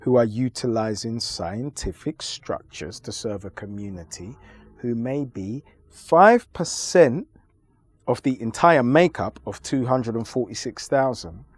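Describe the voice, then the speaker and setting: A man being interviewed, arguing his points in a forceful, lecturing way with deliberate pauses. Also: medium pitch, animated, slightly rough, no echo. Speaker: interview guest. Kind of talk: emphatic conversational argument.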